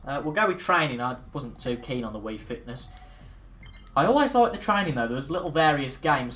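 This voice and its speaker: With a fairly high pitch and a fairly bright tone, a young man narrates his gameplay in casual let's-play style, joking at his own expense and reacting out loud.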